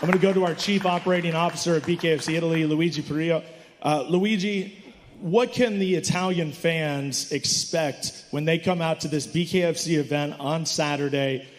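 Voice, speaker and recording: A man's voice: fairly high pitch, steady tone, normal speed, in a large hall, slight background noise. A man hosting a fight press conference, asking fighters questions in an enthusiastic, hyping manner. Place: hotel conference hall.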